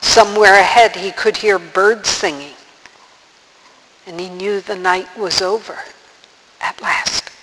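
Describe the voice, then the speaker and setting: A man reading a storybook aloud in an unhurried, gentle storytelling manner. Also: high voice, fairly even intonation, big-room sound, background noise. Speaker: narrator.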